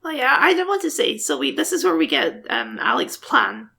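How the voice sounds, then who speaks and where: A woman's voice: high-pitched, very animated, moderate pace, creaky, sharp tone. A woman co-hosting a podcast, making wry, playful comments on a film and mimicking sound effects. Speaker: podcast co-host. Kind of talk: casual film recap chat.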